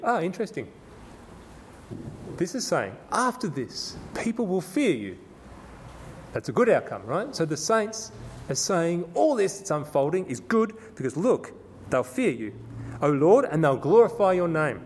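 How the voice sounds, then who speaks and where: A man with a slightly raised pitch gives a conversational sermon, often restarting his sentences. He reads the scripture passages slowly and with weight. There is a faint hiss of noise under the recording. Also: expressive. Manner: conversational, with frequent restarts and repetitions. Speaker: preacher. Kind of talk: sermon, Bible exposition.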